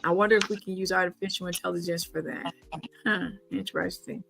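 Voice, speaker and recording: A woman's voice: on the low side, fairly even intonation, a little fast, creaky, over music, rough recording. A middle-aged woman hosting a casual conversational show, talking emphatically with rhetorical questions and frequent ums and restarts. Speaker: podcast host.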